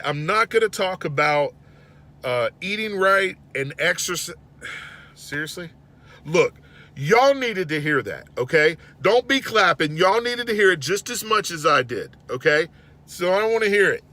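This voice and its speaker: Guy ranting thru a story, bright forceful voice, gets all worked up. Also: fairly high pitch. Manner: animated, exasperated storytelling with rising outbursts. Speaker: host. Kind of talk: storytelling monologue.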